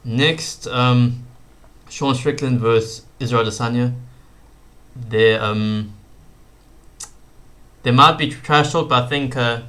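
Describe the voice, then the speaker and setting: Brief: young male YouTuber, bright mid voice, loose filler-heavy casual commentary. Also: medium pitch, steady tone, takes it slowly, pauses often. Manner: rambling, frequent fillers and slang like "bro".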